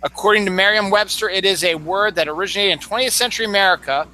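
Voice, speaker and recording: A man with a high, very bright voice explains word usage in a chatty way. He talks casually, like a co-host trading notes. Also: fast talker, low-quality recording. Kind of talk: casual pronunciation chat.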